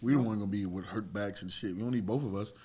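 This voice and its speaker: A man's voice: on the low side, fast talker, a little hiss or hum. A man in his forties, a former fighter, telling stories in casual chat with a blunt, profane manner. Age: 40s. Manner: blunt, profane, animated storyteller.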